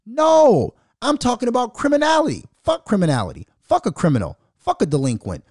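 A man's voice: high-pitched, huge pitch swings, a little fast, hardly any pauses, a little mellow, no echo, studio quality. A man hosting a podcast, ranting aggressively and venomously with constant profanity. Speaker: podcast host. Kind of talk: heated podcast rant.

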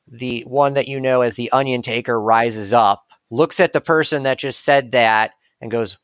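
A man's voice: mid-range voice, a little slow, hardly any pauses, fairly bright tone, dry recording. A man narrating a tabletop game as game master, casual and profane in his storytelling.

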